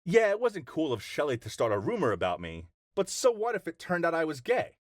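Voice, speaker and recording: An easygoing man narrates in a reflective first-person voice. His pitch moves around a lot, and the recording is dry and close. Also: wildly swooping pitch, fairly quick, no echo.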